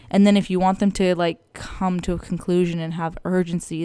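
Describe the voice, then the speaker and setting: Chatty young woman, very crisp voice. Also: steady tone, quick pace, few pauses, dry recording, studio quality. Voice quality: high and bright, tinny and loud by her partner's account. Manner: chatty, rambling, playful with her voice. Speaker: podcast co-host. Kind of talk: casual chat. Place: home podcast setup, live-streamed. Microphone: podcast mic, close up.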